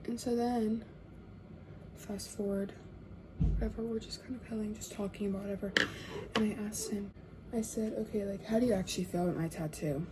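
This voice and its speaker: A young woman telling a casual storytime, chatty and full of fillers, often dropping to hushed tones. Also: mid-range voice, fairly even intonation, a little fast, long pauses, background noise.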